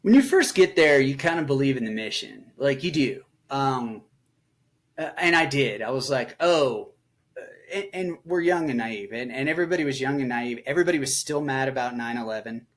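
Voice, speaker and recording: A man's voice: mid-range voice, animated, moderate pace. A man in his forties, an army veteran, recounts his deployment as a podcast guest in a loose, conversational way with lots of fillers. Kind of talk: storytelling interview.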